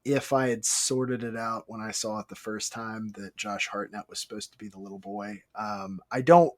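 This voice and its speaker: A man co-hosting a casual movie podcast, talking in halting bursts that build into excitement. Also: fairly low pitch. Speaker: podcast co-host.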